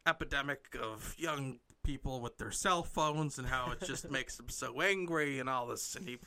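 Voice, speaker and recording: A man's voice: mid-range voice, normal speed, bright, forceful tone. A man improvising a comic story, rambling and playful, often breaking into giggles.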